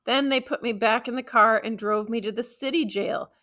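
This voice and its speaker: A woman narrating an audiobook in the first person, measured and emotive, stressing key words. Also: a little high, sharp tone.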